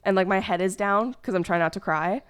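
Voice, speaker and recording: A woman's voice: mid-range voice, a little fast, clean tone. A young woman streamer chatting casually, telling a hurt story in a rambling way, with many fillers and restarts.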